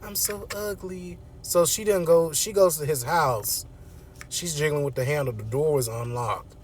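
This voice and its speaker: A man's voice: fairly high pitch, normal speed, a little hiss or hum. A man casually recapping a movie from his car, laid-back and slangy with frequent chuckles.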